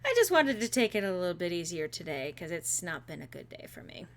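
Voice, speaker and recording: A woman's voice: lowish voice, very animated, fairly quick. A woman streaming a game and chatting casually with a co-host and viewers, playful and full of fillers.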